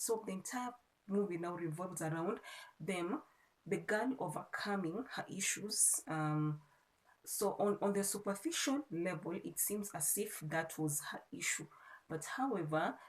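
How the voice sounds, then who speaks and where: A woman's voice: fairly low pitch, poor audio. A woman with a Kenyan accent, chatting casually and rambling a little as she reviews a movie for her vlog. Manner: chatty and rambling, with frequent restarts. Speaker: vlogger.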